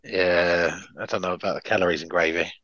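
A man co-hosting a casual podcast, bantering and pitching ideas with plenty of swearing. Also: fairly even intonation, brisk, fairly bright tone, no room sound, dull audio. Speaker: podcast co-host.

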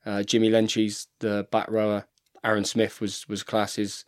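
A man's voice: fairly low pitch, monotone, a little slow. A man in his thirties, a rugby player chatting casually as a podcast guest, telling stories and saying "mate" all the time. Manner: chatty storyteller, says "mate" constantly. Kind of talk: casual chat.

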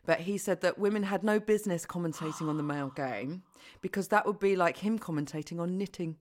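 A woman's voice: lowish voice, brisk, slight background noise. A woman co-hosting a podcast who tells stories in a wry, teasing way during casual comedic chat. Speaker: podcast co-host.

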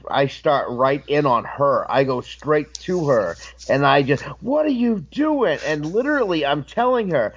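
Guy telling a story on a podcast, acts out all the voices, kinda dull lo-fi sound. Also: medium pitch. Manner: animated, acts out voices in his stories. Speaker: podcast guest, wrestler. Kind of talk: casual storytelling.

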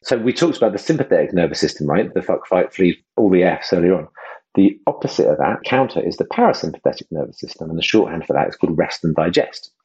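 A man hosting a casual podcast conversation, enthusiastic and self-deprecating, slipping into quick impressions. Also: low-pitched, animated, darkish tone, husky, highs cut off. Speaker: host and project creator.

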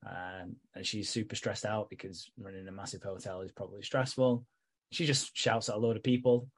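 A man's voice: lowish voice, steady tone, breathy edge. Man recapping a soap, laughing. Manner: laughing, swearing, acting out characters in quick asides. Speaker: podcast co-host. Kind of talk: casual chat recapping a soap.

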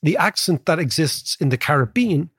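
Irish male podcast co-host, husky, fast and animated, dry close mic. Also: fairly high pitch, dry recording. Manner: animated, quick storyteller, keeps asking "right?". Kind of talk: casual chat.

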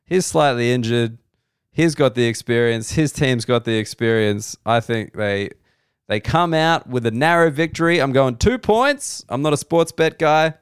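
An Australian man in his thirties rambles through a solo comedy podcast in a wry, self-deprecating way. His voice sits at an ordinary pitch and is smooth and clear. The studio sound is dry and close. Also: moderate pace, no echo.

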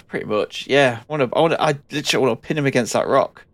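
A man's voice: medium pitch, fast, no room sound. A man playing a tabletop game, talking bluntly and swearing casually. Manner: blunt, profane. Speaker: player. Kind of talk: casual chat.

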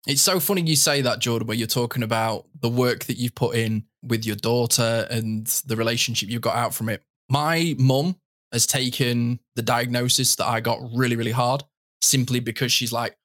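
A man's voice: mid-range voice, normal speed, a bit bright. Tearful man hosting a podcast. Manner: emotional, heartfelt, close to tears. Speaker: podcast host. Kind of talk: casual podcast chat.

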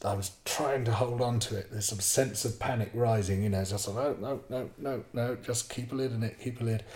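A middle-aged man telling a story casually, full of ums and hesitations, acting out moments with animated energy. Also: on the low side, roomy sound. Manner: animated, hesitant with many ums, acts out his own panic. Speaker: podcast guest storyteller.

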